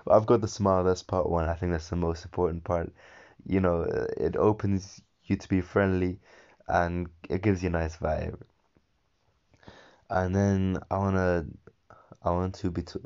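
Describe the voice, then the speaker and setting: A man's voice: low voice, level tone, measured pace, a little mellow, clear, resonant tone, muffled recording. A young man talking through a casual solo podcast, rambling and coaching himself, with many fillers and restarts.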